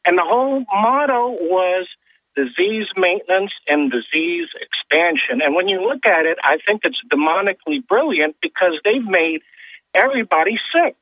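A man's voice: sits high, lively intonation, moderate pace, no echo. A man calling in to a radio show, explaining his point in an earnest way. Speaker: caller. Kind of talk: phone-in call. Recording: tinny phone line.

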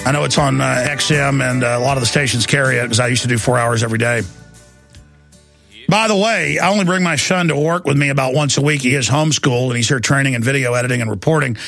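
A man's voice: mid-range voice, fast, gravelly, fairly bright tone, soft background music. A middle-aged man hosting a talk radio show, ranting heatedly and often stammering and repeating his words.

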